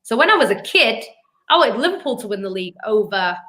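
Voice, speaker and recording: A woman's voice: mid-range voice, sing-song, fast talker, sharp tone. A woman co-hosting a live football fan show, making her case in a chatty, argumentative way. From Manchester, England. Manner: chatty, argumentative, lots of "do you know what I mean". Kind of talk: casual live-stream football chat.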